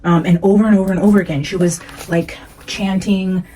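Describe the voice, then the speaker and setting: Earnest rambling woman, low voice. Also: fairly even intonation, brisk, warm tone, poor audio. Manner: earnest, rambling, many "like" fillers. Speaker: psychic medium. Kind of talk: casual monologue reading her notes.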